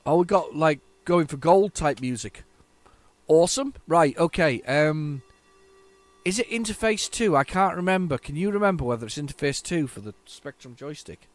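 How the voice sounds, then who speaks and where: A man hosting a retro gaming channel, giving chatty, excitable gameplay commentary with jokey, self-mocking asides to his viewers. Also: on the high side, normal speed, no room sound. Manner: excitable, chatty, talks to viewers while playing.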